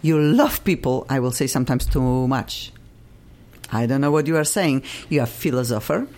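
Lively, effusive woman host. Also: extremely low pitch, normal speed. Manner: chatty, laughing, effusive. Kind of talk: casual interview chat.

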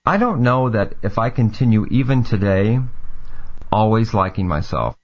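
Earnest man giving a calm monologue. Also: fairly low pitch, normal speed. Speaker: segment host. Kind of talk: reflective monologue. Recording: dull lo-fi sound.

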